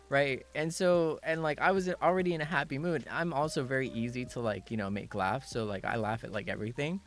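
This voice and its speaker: A man chatting casually on stream, telling a story with lots of laughter and acted-out quotes. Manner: animated storytelling, bursts into high laughter, acts out quotes. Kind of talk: casual chat.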